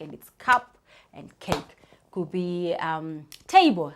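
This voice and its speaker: Lower-voiced woman explaining to parents. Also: animated, slow pace, noisy background. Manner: conversational, often says "you know", spells out sounds. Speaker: speech therapist.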